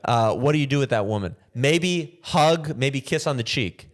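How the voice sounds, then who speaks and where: A man in his own podcast, riffing on a bit and breaking into quick character voices. His pitch sits in a plain middle range for a man, and he talks in a loose, joking way. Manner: animated, jokey, acts out bits in other voices. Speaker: comedian podcast host. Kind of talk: casual comedic riffing. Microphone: camera mic without a boom arm.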